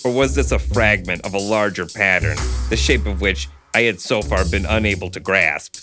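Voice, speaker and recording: A man's voice: lowish voice, normal speed, over music. A man reading a novel aloud and chatting about it with a co-host. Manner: lively narration with laughs in the chat. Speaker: reader and co-host.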